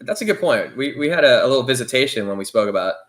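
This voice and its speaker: A man co-hosting a podcast in casual chat, excitable and rambling with frequent restarts. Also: mid-range voice, fast talker. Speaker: podcast co-host. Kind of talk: casual chat about toys and movies.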